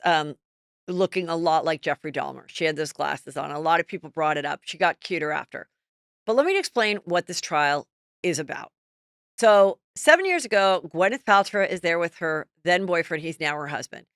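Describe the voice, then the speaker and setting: A middle-aged woman hosting a podcast, chatting casually and gossiping about celebrities in an animated storytelling way. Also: lowish voice, clear, resonant tone, no room sound, studio quality. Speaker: podcast host.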